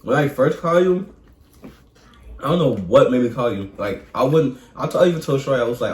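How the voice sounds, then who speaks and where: A young man joining a vlog as co-host, telling a story in a relaxed, slangy way with laughs. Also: mid-range voice, fast. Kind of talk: casual storytelling. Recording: echoey room with faint hum.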